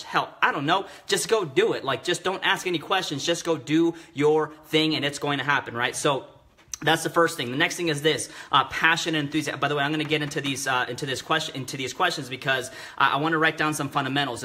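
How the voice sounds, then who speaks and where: Man, young adult, motivational live-stream coach, rapid talk, bright forceful tone, repetitive hype. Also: medium pitch. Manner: energetic, repetitive, hype-driven. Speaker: network marketing coach.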